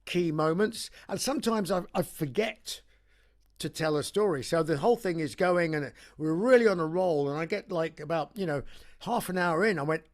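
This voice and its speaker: High-voiced Englishman telling wry stories. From England. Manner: halting, full of restarts, wry storytelling. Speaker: rock singer interviewee. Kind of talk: casual anecdotal chat.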